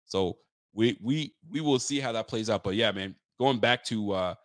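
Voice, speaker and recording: A young man hosting a casual sports podcast, telling stories with lively mimicked quotes and loose slang. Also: fairly low pitch, moderate pace, no room sound, clean studio sound. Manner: loose street slang and swearing. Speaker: podcast host. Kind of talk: casual sports talk chat.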